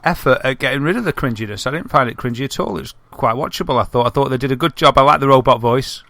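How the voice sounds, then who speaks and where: Male podcast co-host, bright tone, dry close sound, easygoing chat. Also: medium pitch, fast, no echo.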